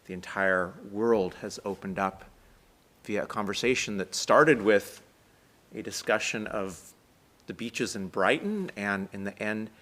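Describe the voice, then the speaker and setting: A man with an American accent delivering a chatty, self-deprecating sermon at a synagogue service, talking quickly. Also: fairly low pitch, fairly bright tone. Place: synagogue sanctuary, live stream.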